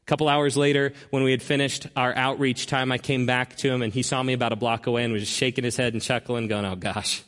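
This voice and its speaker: A man preaching a sermon as a personal story, earnest and slowing down to stress key words. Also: medium pitch, level tone, a bit bright. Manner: earnest storyteller who slows down for emphasis. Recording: long reverb of a large hall.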